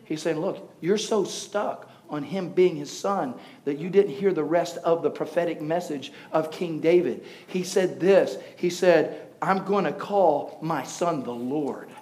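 A man preaching to a congregation, joking with the crowd and building to loud, passionate preaching. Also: a little high, a little slow, hardly any pauses. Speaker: pastor. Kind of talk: sermon.

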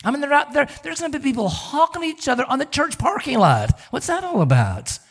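Animated stammering male preacher. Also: very high-pitched, fast talker. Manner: animated, stammering repetitions, rhetorical questions. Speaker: pastor. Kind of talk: sermon.

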